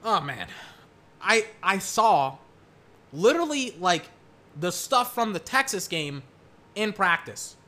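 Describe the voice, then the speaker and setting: A young man chatting about football while watching game clips, rambling and excitable, breaking into mock play-by-play calls. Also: high voice, takes it slowly, pauses often.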